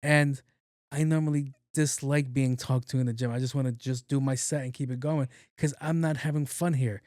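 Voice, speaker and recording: A male podcast host telling a rambling comic story, swearing freely and slipping into quoted voices. He speaks at a mid pitch, and his podcast mic sounds dry and close. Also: moderate pace, no room sound. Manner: profane, loose and animated, acting out quotes. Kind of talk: comedic storytelling monologue.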